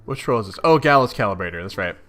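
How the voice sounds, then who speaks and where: Animated young man reading aloud. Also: on the low side, quick pace, soft background music. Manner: animated, expressive, chatty. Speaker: reader of a webcomic. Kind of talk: casual read-along with reactions.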